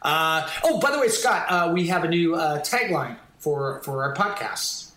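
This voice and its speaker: Male podcast host, high bright voice, halting upbeat chat, echoey room. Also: animated. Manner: halting, lots of restarts, upbeat.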